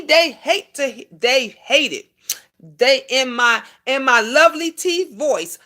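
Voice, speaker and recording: High bright-voiced woman preaching on live stream. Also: expressive, slow. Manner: preachy, addresses viewers and chat by name; emphatic repetitions, calls listeners honey. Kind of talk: casual live-stream talk.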